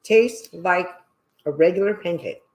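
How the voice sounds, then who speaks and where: A woman's voice: fairly low pitch, measured pace, a little mellow. An older woman, the host's mother, joining a casual cooking segment and agreeably offering cooking tips. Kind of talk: casual cooking show chat.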